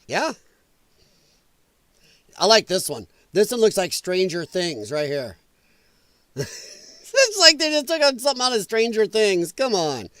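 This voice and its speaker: A man's voice: sits high, clear, resonant tone, no room sound. A man hosting a casual livestream, reacting to viewer comments, swearing freely and laughing often. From US Midwest. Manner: loud, profane, laughing often. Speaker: livestream host. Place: home, dog nearby.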